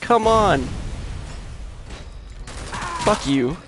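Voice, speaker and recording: Slow-talking man cursing through a game. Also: high voice, animated. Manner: profane, trash-talks enemies, addresses chat; bursts into loud shouts. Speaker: gamer commenting on his own play. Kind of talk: let's-play commentary.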